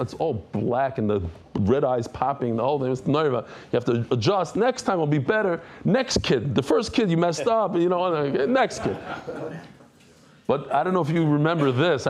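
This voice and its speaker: A middle-aged male rabbi leading a lively Talmud lesson with a somewhat raised, higher voice. He explains in a conversational way, with quick asides and Hebrew and Aramaic terms folded into his English. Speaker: rabbi teaching a daily Talmud class.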